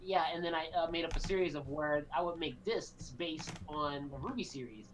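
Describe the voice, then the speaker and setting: A man's voice: a little high, normal speed, low-quality recording. A man talking as a guest on a podcast, hesitant and full of fillers and restarts in casual chat.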